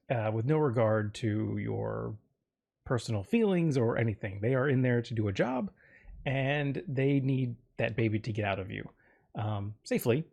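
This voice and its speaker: A man's voice: medium pitch, creaky, a little mellow. A man hosting a solo podcast, telling a personal story in a rambling, self-interrupting way with frequent fillers and jokes. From Florida, United States. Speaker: podcast host.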